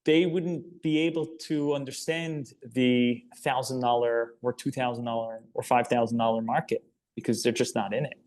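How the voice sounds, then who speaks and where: A man's voice: medium pitch, steady tone, normal speed, darkish tone. A company founder and interview guest talking casually and earnestly about his product and business.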